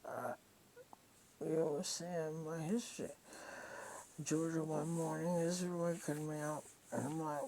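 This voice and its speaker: An Australian woman recounts her story in a slow, unhurried way. Her speech is profane and rambling, full of raw feeling. A faint hiss sits under the recording. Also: deep voice, mellow, rough recording. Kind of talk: casual storytelling monologue.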